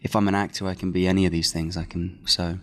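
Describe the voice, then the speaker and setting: Rambling young actor, lowish voice. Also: male voice, little pitch movement, quick pace. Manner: loose, rambling, filler-heavy. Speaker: actor interviewee. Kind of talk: press junket interview.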